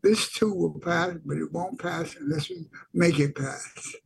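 An older man co-hosting a radio talk show, speaking slowly and earnestly. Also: on the high side, sing-song, creaky, a little hiss or hum, poor audio. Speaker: radio co-host.

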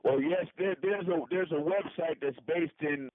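A man's voice: on the high side, normal speed, no echo. Earnest male guest phoning in, tinny lo-fi phone line. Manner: earnest, repeats himself often. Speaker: interview guest calling in. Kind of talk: phone-in conversation.

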